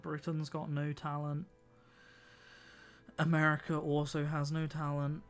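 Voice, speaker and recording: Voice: mid-range voice, monotone, a little slow, faint music behind. A streamer chatting casually and making wry jokes while painting miniatures. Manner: joking, wry.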